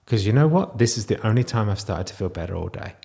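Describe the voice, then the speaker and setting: Halting, tearful man with a lowish voice. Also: animated, creaky, dark tone. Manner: halting and raw, with frequent restarts and trailing off. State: close to tears. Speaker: vlogger. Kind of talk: confessional video diary.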